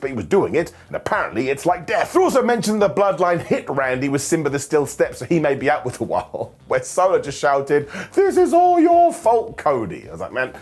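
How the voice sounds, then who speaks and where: A man giving a jokey, sarcastic recap of a wrestling show, full of mock asides to the wrestlers. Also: on the high side.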